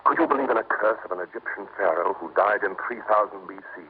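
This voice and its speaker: Actor as frightened nobleman, halting, low, tinny old radio. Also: a little hiss or hum, natural voice. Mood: fearful. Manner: hesitant, fearful, halting. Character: haunted, terrified English nobleman. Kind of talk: 1940s radio acting.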